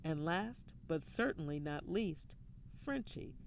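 A storyteller giving a steady scripted reading of a family story. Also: mid-range voice, slow, vocal fry, slight background noise. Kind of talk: scripted narration.

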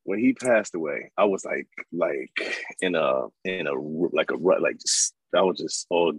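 Animated husky man telling stories. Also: rumbling low, measured pace, no room sound, poor audio. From New York. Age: 30s. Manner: animated, acts out voices in his stories. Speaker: interview guest. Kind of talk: casual storytelling.

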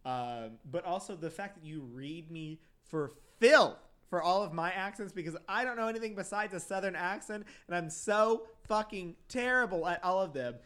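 A man co-hosting a podcast, reading an ad and chatting casually, animated, laughing often and swearing freely. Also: sits high, moderate pace, few pauses. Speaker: podcast co-host. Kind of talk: casual podcast chat and read ad.

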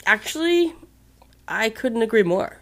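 A woman's voice: a little high, sing-song, measured pace, a bit bright. A woman co-hosting a podcast in casual chat, swearing constantly and laughing often. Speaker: podcast co-host.

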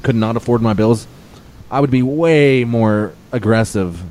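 A man's voice: mid-range voice, a little mellow, a little hiss or hum. A man in casual chat, bluntly complaining about bad tippers with plenty of swearing. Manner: blunt, fast, profane complaining. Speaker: pizza delivery driver.

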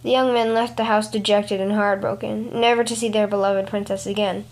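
A woman hosting a storytelling podcast, giving a measured, expressive scripted reading of a folk tale. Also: medium pitch.

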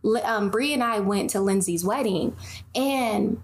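Young woman, podcast host, animated storyteller, tangents, casual faith chat. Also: mid-range voice, a little slow.

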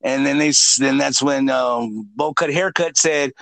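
A man in casual, profane podcast banter, joking and acting out shouted impressions. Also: mid-range voice, measured pace, no room sound. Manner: jokey, profane, acts out loud shouted impressions. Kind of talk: casual chat.

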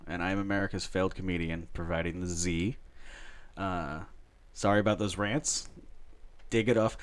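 A man's voice: low voice, fairly even intonation, normal speed, clear, resonant tone. Rambling, swearing podcast guy. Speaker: podcast co-host. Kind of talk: casual podcast chat.

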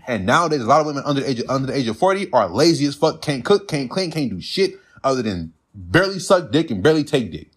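A man's voice: fairly high pitch, expressive, fast, few pauses, slightly rough. A man ranting bluntly and profanely in a casual monologue, mocking others with put-on quotes.

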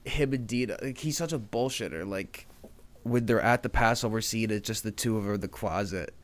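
Young man telling animated stories. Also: lowish voice, a little fast. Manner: animated storyteller, swears. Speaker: podcast guest. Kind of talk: casual chat.

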